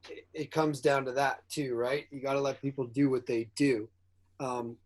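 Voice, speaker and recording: A man, an actor and director, chatting in an interview and telling stories animatedly. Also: medium pitch. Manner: animated storyteller who acts out quotes, laughs often. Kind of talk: casual interview chat.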